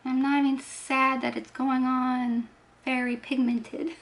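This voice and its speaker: A woman's voice: high-pitched, little pitch movement, takes it slowly, faint music behind. Chatty woman doing her makeup. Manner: chatty and self-deprecating, talking while applying makeup. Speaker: beauty vlogger. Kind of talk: casual get-ready-with-me chat.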